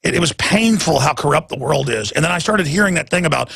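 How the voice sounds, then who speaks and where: A man's voice: fairly high pitch, animated, fast talker, vocal fry, hardly any pauses, a bit bright, breathy edge, no room sound. A man in his forties hosting a talk radio show, speaking intensely and emphatically and stumbling over repeated words when worked up. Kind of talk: impassioned talk radio monologue.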